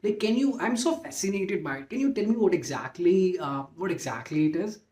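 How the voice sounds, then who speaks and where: A man's voice: high-pitched, expressive, fairly quick, darkish tone. A man playing a blunt, suspicious classmate. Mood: friendly. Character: suspicious young male classmate. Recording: roomy, distant mic, faint hiss.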